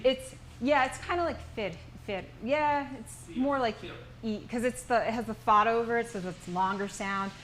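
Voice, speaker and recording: A woman's voice: on the high side, fairly even intonation, normal speed, few pauses, fairly bright tone, rough recording. A woman with an American accent teaching a small language workshop, patiently explaining sounds step by step. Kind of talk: teaching a class. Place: indoor workshop room.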